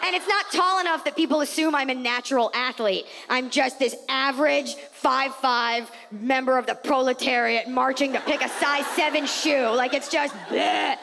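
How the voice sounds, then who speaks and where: A woman comedian performing an animated, sarcastic stand-up set on a theater stage with a handheld mic. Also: high-pitched, moderate pace, vocal fry, few pauses, long reverb tail, background noise. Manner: animated, sarcastic, acts out voices.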